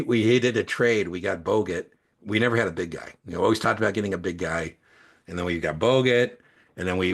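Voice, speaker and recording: A middle-aged man with a low, gravelly voice tells long anecdotes in loose conversation. His speech rambles, with frequent fillers and false starts, and his tone has a husky edge. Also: a bit bright. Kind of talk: casual storytelling.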